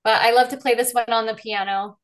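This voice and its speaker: A woman's voice: a little high, steady tone, fairly quick, fairly bright tone. A woman co-hosting a casual chat, fondly reminiscing. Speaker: podcast co-host.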